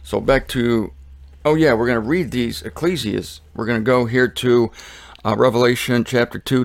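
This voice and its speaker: A man's voice: medium pitch, steady tone, moderate pace, vocal fry, no room sound. A man hosting a casual Bible teaching show, rambling and joking, often trailing off and restarting.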